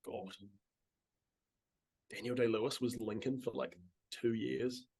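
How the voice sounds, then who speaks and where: A young man, a podcast guest chatting casually, relaxed and swearing freely. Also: mid-range voice, slow pace, creaky, husky. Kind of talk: casual chat.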